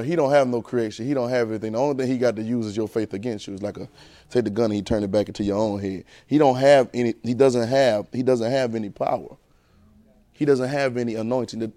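A man with a mid-range voice delivers an emphatic, repetitive sermon, alternating between shouting and hushed asides. He talks colloquially and repeatedly poses rhetorical questions to his congregation, with no room sound in the recording.

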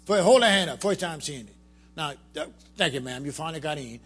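A man preaching a sermon to his congregation, calling out to the crowd and building to shouts. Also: a little high, expressive, fairly quick, breathy edge. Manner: colloquial, drops into vernacular.

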